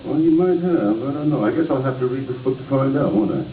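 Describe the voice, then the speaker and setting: Actor reading to schoolkids, playful and questioning, lively pitch; recorded by a distant camera in a noisy, roomy hall, sounding tinny. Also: male voice, quick pace. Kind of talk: reading aloud and talking with children.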